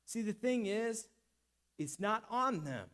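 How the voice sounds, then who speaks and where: A man delivers a sermon from the pulpit with a high-pitched voice. He speaks with passion, pressing his point and rising at times to near shouts. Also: very animated, slow. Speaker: pastor.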